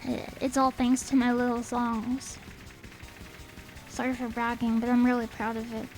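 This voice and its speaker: A woman's voice: a little high, completely flat delivery, moderate pace, darkish tone, rough recording. A woman streamer chatting in a rambling, playful way while playing a game, a little sniffly. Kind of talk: casual game stream chat. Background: faint game music.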